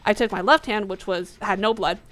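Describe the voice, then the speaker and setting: A woman hosting a gaming video, telling a personal story in a casual, animated way and acting out her own past lines. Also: medium pitch, fairly quick. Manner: animated, acts out her past self in quotes. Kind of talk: casual storytelling over gameplay.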